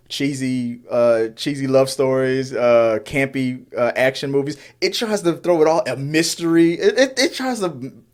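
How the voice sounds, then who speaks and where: A man's voice: medium pitch, darkish tone. A man in his forties co-hosting a casual movie review podcast, rambling with many restarts and fillers. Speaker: podcast co-host.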